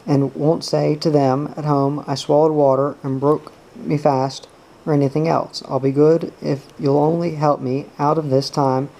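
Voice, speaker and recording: A frightened boy mutters a guilty prayer in a storybook reading, as a man puts him on. The voice is dark and mellow, with little rise and fall. He sounds low and earnest rather than loud. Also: flat delivery, moderate pace, creaky, poor audio. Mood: pleading. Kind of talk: audiobook reading.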